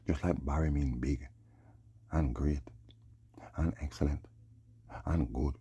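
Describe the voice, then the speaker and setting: A man with a very deep, gravelly voice that sounds dark and husky. He rambles through a loose solo monologue, drawling and tossing in a questioning "hmm?" between thoughts. The sound is close and dry. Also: no echo. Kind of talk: rambling monologue on names and prophecy.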